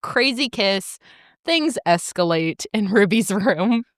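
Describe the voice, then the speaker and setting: A woman's voice: mid-range voice, slow pace, no echo, studio quality. A woman co-hosting a podcast, casually retelling a TV plot, acting out lines and laughing often. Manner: animated storytelling, acts out characters' lines, laughs often, swears. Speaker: podcast co-host. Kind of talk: casual chat recapping a show.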